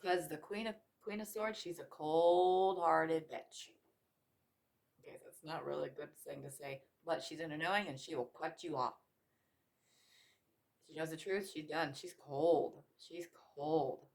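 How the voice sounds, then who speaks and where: A woman's voice: sits low, fairly even intonation, unhurried, vocal fry, darkish tone. A woman giving a tarot reading, emotional and repetitive, swearing casually as she talks. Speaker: tarot reader.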